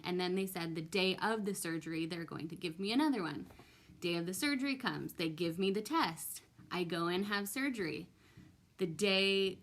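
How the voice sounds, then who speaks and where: A woman's voice: medium pitch, fairly bright tone. A young woman telling a personal story in a vlog, hesitant and full of ums, emotional and close to tears. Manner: hesitant, many ums and restarts. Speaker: vlogger.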